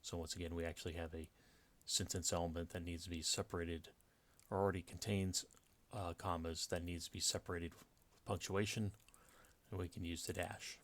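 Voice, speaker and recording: A man delivers a slide-based grammar lecture on punctuation, step by step, with lots of fillers and restarts. As a writing teacher, he speaks a little fast in a low voice with little pitch movement.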